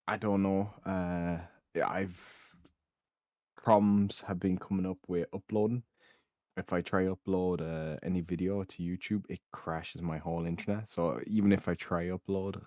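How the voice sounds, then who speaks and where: A man's voice: low-pitched, darkish tone, no echo. A young man hosting a casual let's play, rambling with lots of ums and uhs and offhand swearing. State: hiccups. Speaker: gaming channel host. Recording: dull, dry lo-fi mic.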